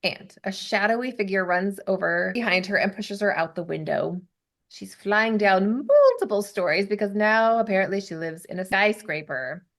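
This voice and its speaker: A woman's voice: medium pitch, lively intonation, moderate pace. Chatty giggly woman recapping a show. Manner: chatty, giggly, narrates plot with asides. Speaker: podcast host recapping a TV episode. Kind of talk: casual chat.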